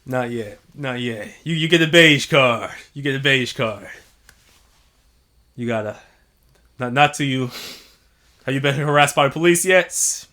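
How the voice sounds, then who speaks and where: A man's voice: mid-range voice, a little slow, pauses often, sharp tone. A man co-hosting a podcast, talking loosely, laughing and swearing freely. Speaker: podcast co-host. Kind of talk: casual chat. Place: living in Japan.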